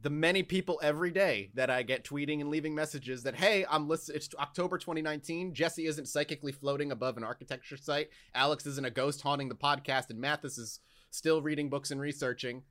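A man hosting a podcast, animated and playful as he plugs events between jokes. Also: fairly high pitch, a little fast, few pauses. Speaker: podcast host. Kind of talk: casual comedic chat.

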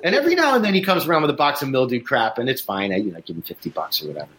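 Animated storytelling man. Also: medium pitch, rapid-fire. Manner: animated storyteller, acts out voices in anecdotes. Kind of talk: casual chat. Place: Chicago, USA.

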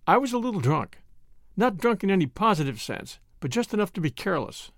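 Gravelly man narrating with wry understatement. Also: high voice, very animated, a little fast, fairly bright tone, no echo, studio quality. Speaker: audiobook narrator. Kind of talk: first-person literary narration.

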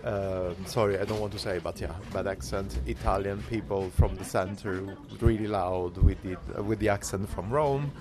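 A man's voice: fairly low pitch, moderate pace, hardly any pauses, over music. A man talking casually to his camera while travelling by train and arriving at stations, rambling and talking to himself. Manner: rambling, self-talk. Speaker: cycling vlogger. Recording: noisy train ambience.

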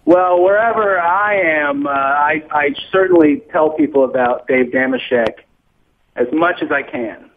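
A man's voice: a little high, measured pace. A man calling into a podcast, speaking in an earnest, friendly way. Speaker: caller. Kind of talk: casual phone call. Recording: phone line with faint hiss.

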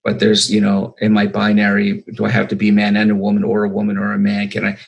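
A man's voice: fairly low pitch, monotone, fast talker, gravelly, lo-fi sound. A middle-aged man, a filmmaker, answering interview questions in a rambling way with many fillers and restarts. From United States.

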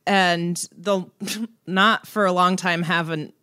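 Low-voiced chatty woman, dry sound. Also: steady tone, takes it slowly, bright, forceful tone, smooth, no room sound. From Iranian family, speaks Farsi. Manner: chatty storyteller, laughs often. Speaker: podcast co-host. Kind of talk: casual chat.

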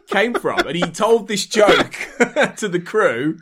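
A man's voice: high-pitched, sing-song, takes it slowly, fairly bright tone. A man, a podcast guest, eagerly sharing film trivia in casual chat with stumbling restarts. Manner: enthusiastic, stumbling restarts when explaining.

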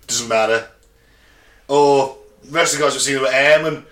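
A man's voice: mid-range voice, normal speed, a bit bright. A man co-hosting a podcast, bantering in a crude, jokey way, from England. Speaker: podcast co-host. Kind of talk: casual banter. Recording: echoey room.

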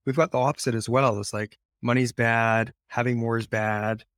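A guest author on a podcast talks in an earnest, conversational way, often repeating himself for emphasis. His voice sits at an ordinary middle pitch and is fairly bright, with fairly even intonation at normal speed. The sound is dry and close-miked, with no room sound.

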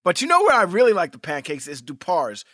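A man co-hosting a podcast in casual chat, loud and animated, often profane and breaking into shouting. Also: high-pitched, quick pace, no room sound, studio quality. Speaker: podcast co-host.

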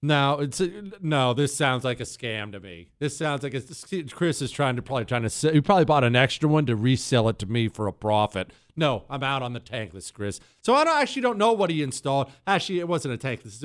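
A man's voice: medium pitch, expressive, a little fast, hardly any pauses, clean tone, dry recording. A man hosting a talk show, ranting sarcastically in a casual monologue into a studio microphone. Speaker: radio talk show host.

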